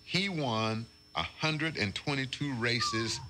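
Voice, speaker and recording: A man's voice: mid-range voice, expressive, slow, noisy background. A man hosting a morning radio show, chatting casually and reading station IDs and celebrity birthdays. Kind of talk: casual on-air banter.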